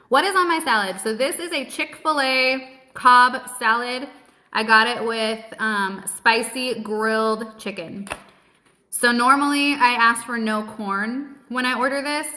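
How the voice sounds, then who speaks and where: A woman with a high, bright, sharp voice chats live from home into her phone. She is blunt, cheerful and swears freely, talking with her mouth full between bites. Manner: blunt, cheerful and heavily profane; talks with her mouth full while eating. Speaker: host of a live keto Q&A stream. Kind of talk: casual live-stream chat while eating.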